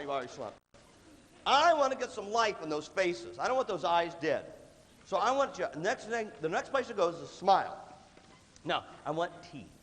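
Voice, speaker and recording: Brief: male workshop speaker, a little high, lively, playful, with a big hall echo behind him. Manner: animated, joking, acts out quick voices and sudden shouts. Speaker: leadership speaker. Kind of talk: motivational workshop talk. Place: large hall with a student audience. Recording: echoey hall, faint room noise.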